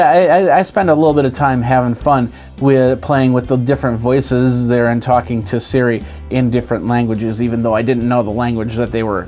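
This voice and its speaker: A man's voice: medium pitch, darkish tone. Chatty man demoing a tablet. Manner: chatty, demonstrating on screen as he talks. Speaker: tech video host. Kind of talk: casual tech walkthrough. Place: indoors at a desk with a TV and monitor.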